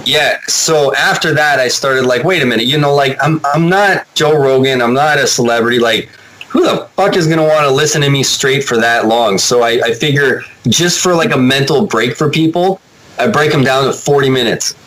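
A man chatting casually as a podcast guest, rambling and animated, swearing now and then. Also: medium pitch, normal speed, slight background noise, poor audio. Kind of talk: casual chat.

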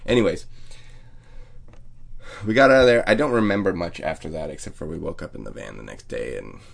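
A man's voice: a bass voice, brisk, vocal fry. A man telling a rambling, profane, self-mocking story as a podcast host. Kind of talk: casual storytelling monologue.

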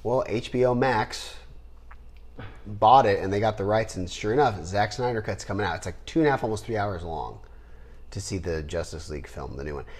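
A man hosting a podcast in casual chat, rambling and trailing off into low mutters. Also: fairly quick, a little mellow. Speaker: podcast host.

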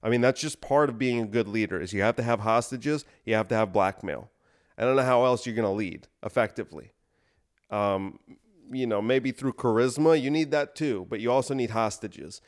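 A man hosting a podcast, delivering a deadpan comedic monologue of escalating absurd bits. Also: mid-range voice, moderate pace. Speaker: podcast host.

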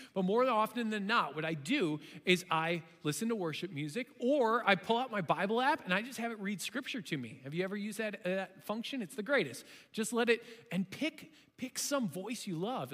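A man with a high, bright voice preaches a sermon with long reverb trailing after his words. He keeps it conversational and animated, then breaks into sudden loud bursts. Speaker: pastor.

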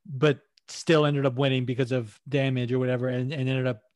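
A man's voice: medium pitch, little pitch movement, fairly quick, no room sound, studio quality. A man co-hosting a casual podcast, rambling about fights with frequent swearing and laughter. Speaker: podcast co-host. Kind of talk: casual MMA podcast chat.

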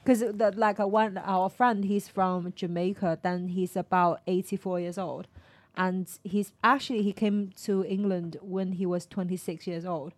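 A woman chatting casually in halting English with non-native grammar. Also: mid-range voice, steady tone, no echo. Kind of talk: casual chat.

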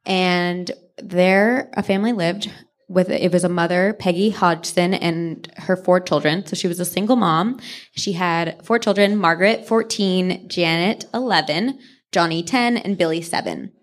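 A woman co-hosting a podcast live on stage, retelling a true ghost story with lively asides and quick character voices. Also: on the low side. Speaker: podcast co-host. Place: on stage before a live audience.

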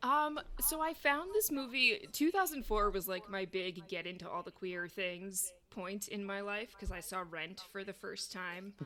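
Bright-toned woman guest, chatty. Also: mid-range voice, steady tone, measured pace, hardly any pauses. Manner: talkative, frequent "like" fillers. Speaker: podcast guest. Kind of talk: casual podcast chat.

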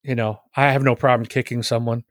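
A man's voice: mid-range voice, level tone, a little fast, dry recording, clean studio sound. A man co-hosting a casual gaming podcast, chatty and teasing, laughing often as he talks. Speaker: podcast co-host.

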